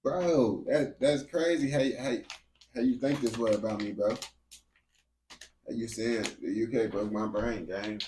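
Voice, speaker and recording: A young man, a streamer, chatting casually with a game character in heavy slang, swinging between low mumbles and excited yelling. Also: unhurried, a little hiss or hum.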